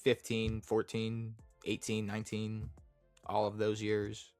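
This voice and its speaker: A man's voice: lowish voice, completely flat delivery, slow pace, darkish tone, no echo, soft background music. A young man co-hosting a casual sports podcast, rambling and laid-back with lots of fillers. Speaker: podcast co-host.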